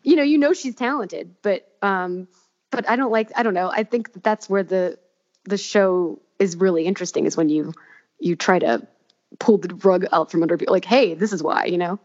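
A woman's voice: lowish voice, normal speed, a little mellow, highs cut off. A woman co-hosting a podcast in casual chat, rambling with fillers and restarts. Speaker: podcast co-host.

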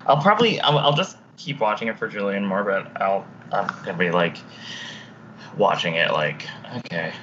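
Panel guest, male, low and lively, rambling, lo-fi recording with faint noise. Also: moderate pace. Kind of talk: casual chat. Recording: dull lo-fi sound with faint room noise.

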